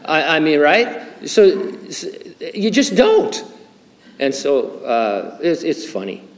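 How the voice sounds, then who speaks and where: A man's voice: on the high side, sing-song, takes it slowly, big-room sound, a little hiss or hum. An older male pastor preaching a conversational sermon, full of fillers, restarts and wry humor. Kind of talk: sermon with Bible teaching.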